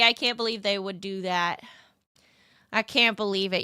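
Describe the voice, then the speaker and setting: A woman's voice: on the high side, fairly even intonation, normal speed, bright, forceful tone, clean tone, no echo, studio quality. A young woman streaming as a VTuber, chatting in a casual, rambling way with cutesy slang. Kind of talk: casual live-stream chat.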